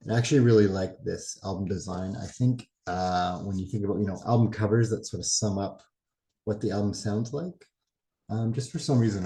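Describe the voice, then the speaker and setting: A man casually showing off a record haul in a vlog, relaxed and rambling with musing asides. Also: low voice, a little hiss or hum, low-quality recording. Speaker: record collecting vlogger. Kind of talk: casual show-and-tell vlog.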